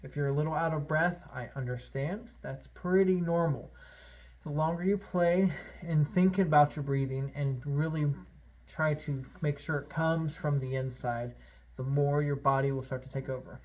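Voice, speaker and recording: A man's voice: fairly high pitch, moderate pace, a little mellow, highs cut off. A man teaching a harmonica lesson, encouraging and upbeat, talking straight to the learner. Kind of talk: friendly instructional lesson.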